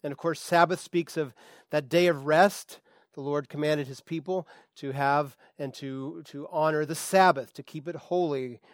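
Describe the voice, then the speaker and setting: A male pastor giving a relaxed, conversational sermon, chatty, with frequent fillers and restarts. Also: on the high side, moderate pace, no room sound, clean studio sound.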